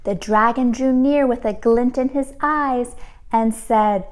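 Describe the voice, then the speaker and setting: A woman teacher reading a storybook aloud to children, expressive and pausing to ask the listeners questions. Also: fairly high pitch.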